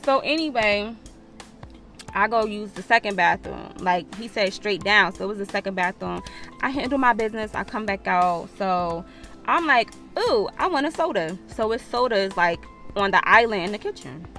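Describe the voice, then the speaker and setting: Animated, foul-mouthed woman telling a story. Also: medium pitch, normal speed, faint music behind. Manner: animated, profane storytelling with acted-out quotes. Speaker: vlogger. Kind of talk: storytime vlog.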